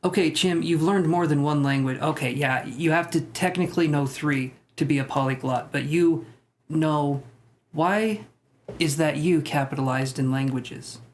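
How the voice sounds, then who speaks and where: A man's voice: on the high side, normal speed, slight background noise. A young man hosting a live stream, chatting casually with viewers and rambling with self-deprecating jokes. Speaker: tarot livestream host. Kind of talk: casual live-stream chat reading comments.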